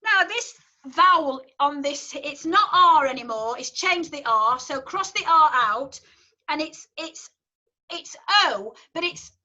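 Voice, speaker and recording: A woman with a Yorkshire accent coaching a choir. Her voice sits high and sounds bright and clear. She talks in a chatty, encouraging way, explaining things step by step. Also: lively intonation, slow, dull audio. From Yorkshire, England. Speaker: choir leader. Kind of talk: online rehearsal instruction.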